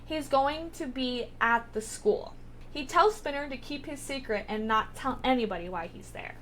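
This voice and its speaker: A woman's voice: high voice, normal speed, a bit bright, slight background noise. A woman vlogger recapping a TV episode in a casual, rambling way, with lots of filler words and swearing.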